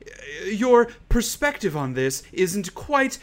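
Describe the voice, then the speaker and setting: A man's voice: high voice, sing-song, slow pace, pitched above the performer's own voice, full character voice. A man voicing a pretentious young woman designer who speaks in long-winded, overly formal phrases. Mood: pompous.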